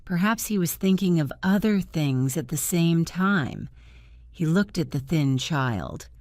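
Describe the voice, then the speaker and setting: Slow, low-voiced woman narrating a story. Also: expressive, a little mellow, no echo, clean studio sound. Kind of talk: slow graded reader narration for learners.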